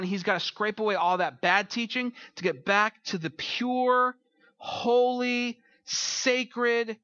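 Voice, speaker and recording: High, bright-voiced joking preacher man. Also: dry recording, highs cut off. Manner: chatty, joking storyteller. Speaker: pastor. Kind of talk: sermon with humorous stories.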